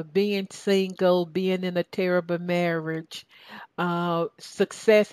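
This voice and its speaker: A woman with a Southern US accent delivers a sermon at an unhurried, deliberate pace. Her voice sits slightly low, and she drives points home by repeating phrases and putting questions to her listeners. The sound is dry and close, with little room echo. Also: darkish tone. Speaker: preacher.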